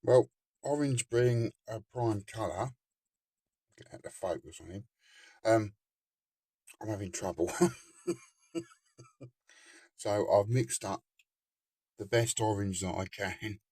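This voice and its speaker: Man, giggly, slow-paced, husky, casual hobby narration. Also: on the low side, dark tone, no echo, clean studio sound. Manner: giggly, keeps breaking into laughter. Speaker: scale model builder.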